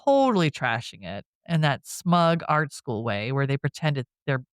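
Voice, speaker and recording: In clean studio sound with no room ambience, a male podcast co-host with a medium-pitched, clear, resonant voice and big swings in pitch chats through a film's plot. He laughs frequently and briefly voices the characters' lines.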